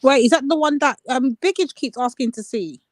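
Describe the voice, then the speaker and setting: Animated woman, dry close sound. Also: high-pitched, a little fast, no room sound. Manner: animated, questioning gossip. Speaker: livestream co-host. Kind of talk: casual livestream chat.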